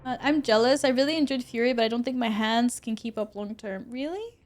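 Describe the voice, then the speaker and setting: High-voiced chatty woman streamer. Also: fairly quick. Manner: chatty, reacts to chat and thanks tippers; expressive, often laughing. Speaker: livestreamer. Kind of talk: casual live-stream chat with viewers. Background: in-game music.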